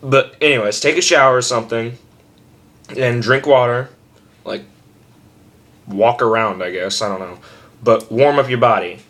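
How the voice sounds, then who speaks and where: A man's voice: mid-range voice, normal speed, pauses often. Brief: young guy, home webcam tutorial, offhand and self-mocking, breaks into harsh screams. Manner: rambling, self-deprecating, with loud demo screams. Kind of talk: casual vlog tutorial.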